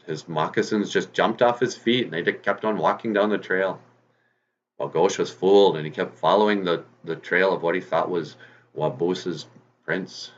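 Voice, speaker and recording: A man's voice: deep voice, highs cut off. A man telling a folk tale in a casual, chatty way as host of his own channel, with rambling restarts and asides.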